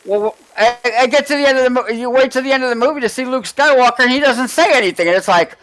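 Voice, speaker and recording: Rambling high-voiced man chatting. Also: fast, fairly bright tone, poor audio. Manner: rambling, restarts often, swears casually. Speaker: podcast co-host. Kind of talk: casual chat.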